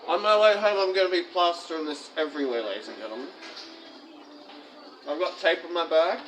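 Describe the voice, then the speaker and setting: A man reading his own dark poetry, then chatting in a rambling, apologetic way, talking with his mouth full at a fast-food restaurant. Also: fairly high pitch, soft background music, poor audio. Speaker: vlogger and self-published poet. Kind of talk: poetry reading then casual vlog chat.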